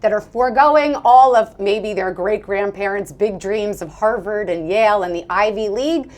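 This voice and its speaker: A woman's voice: medium pitch, normal speed. An American woman in her forties, a guest speaking fluently and with animation in an interview. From United States. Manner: fluent, animated, often laughing. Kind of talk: interview conversation.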